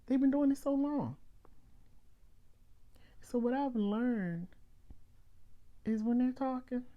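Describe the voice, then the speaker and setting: A middle-aged woman hosting a live motivational talk, speaking emphatically with drawn-out phrases and reading viewer comments aloud. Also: high-pitched, expressive, phone-quality sound. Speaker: host.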